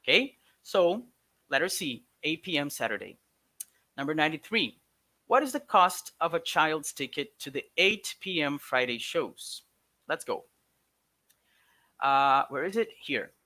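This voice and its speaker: A man's voice: on the high side, a little slow, pauses often. A man teaching English, walking a class through test answers in an emphatic, coaxing way. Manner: lively, emphatic, coaxing students along.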